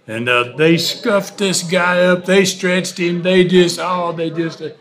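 An older man, a former wrestler, telling stories as an interview guest in a lively, animated way, often laughing. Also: high-pitched, slow. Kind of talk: casual storytelling interview.

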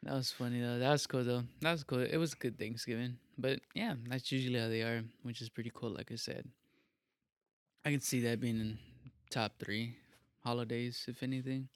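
A man's voice: medium pitch, normal speed, dry recording. Young man, laid-back casual talker, mid-range voice, dry sound. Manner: relaxed, rambling, repeats himself. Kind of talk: casual chat.

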